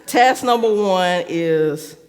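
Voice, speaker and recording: A woman's voice: fairly low pitch, lively intonation, takes it slowly, clear, resonant tone. Chatty woman preaching in an echoing church. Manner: chatty, fills speech with "like", laughs often. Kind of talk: conversational sermon. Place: church sanctuary. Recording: reverberant church hall.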